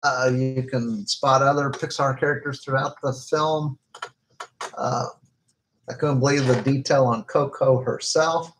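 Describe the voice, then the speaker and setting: A man's voice: medium pitch, fairly even intonation, a little slow, background noise. Hesitant man reviewing movies. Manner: hesitant, lots of filler "uh"s. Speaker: podcast co-host, movie reviewer. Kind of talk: casual movie review chat.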